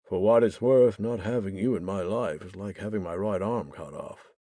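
A man playing a sorry, pleading best friend, low husky voice, dry sound. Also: moderate pace, warm tone, no room sound, lightly acted. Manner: apologetic, pleading. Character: remorseful young man, the narrator's best friend.

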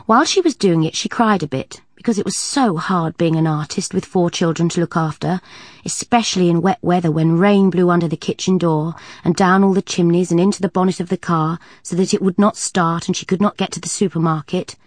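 A woman narrating a children's storybook aloud in an even, clear manner. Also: fairly low pitch, brisk, dry recording. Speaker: audiobook narrator. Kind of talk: storybook reading.

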